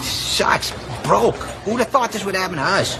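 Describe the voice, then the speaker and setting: An actor playing a brash, boozy middle-aged man-child with a crude, swaggering way of talking and a gravelly voice. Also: high-pitched, animated, normal speed, music in the background. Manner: crude, swaggering, calls people guy and dude.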